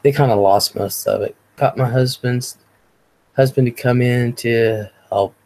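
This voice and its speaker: A woman's voice: rumbling low, fairly even intonation, unhurried, warm tone. A woman in her forties from Ohio hosting a casual livestream, chatting and reading viewer comments aloud. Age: 40s. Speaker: livestream host. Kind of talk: casual chat, reading out live chat.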